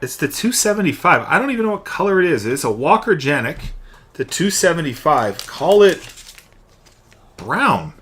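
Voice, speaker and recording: A man's voice: a little high, very animated, moderate pace, a bit bright. A young man hosting a live card-opening stream, chatting and calling out each card as he pulls it. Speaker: card break host.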